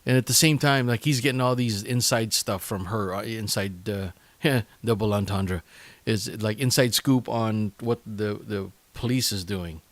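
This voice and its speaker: A man hosting a casual solo podcast, talking in a chatty, halting way with many fillers and restarts. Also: fairly low pitch, dry recording. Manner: chatty and enthusiastic. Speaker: podcast host.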